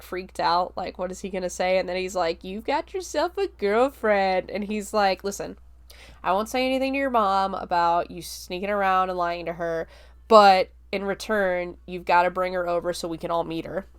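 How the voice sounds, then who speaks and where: Female podcast host, mid-pitched voice, rambling casual film recap. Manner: chatty, filler-heavy retelling with frequent likes and laughs.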